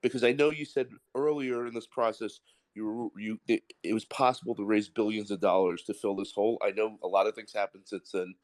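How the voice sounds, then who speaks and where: A man's voice: on the low side, fairly even intonation, a little fast. A man, calling in to a live audio Q&A and speaking bluntly and at length. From the Bronx, New York. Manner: blunt, rambling and emphatic. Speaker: caller asking a question.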